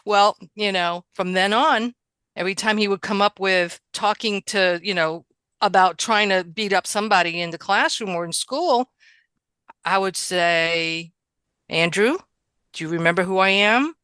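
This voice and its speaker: A woman from New York, a guest in a casual conversation, telling animated stories from her childhood, acting out quotes and laughing often. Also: medium pitch, measured pace, clean tone, no echo.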